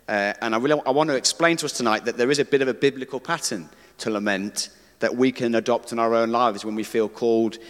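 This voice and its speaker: A man's voice: medium pitch, fairly bright tone. A man preaching a conversational sermon, earnest, who reads scripture aloud. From Britain. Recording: reverberant hall.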